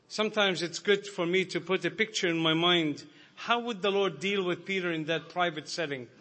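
A man's voice: sits high, normal speed, pushed and bright. A man preaching a sermon to a congregation, earnest and growing emphatic.

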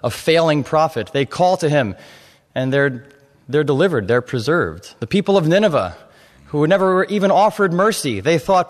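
A man preaching a sermon on a psalm, measured at first and building to fervent emphasis. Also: fairly high pitch, lively intonation. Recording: long hall reverb.

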